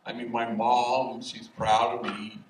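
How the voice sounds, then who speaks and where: A man doing a cheeky young ex-gang member, slow and teasing. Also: mid-range voice, little pitch movement, natural voice. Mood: proud. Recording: echoey hall, distant mic, faint hiss.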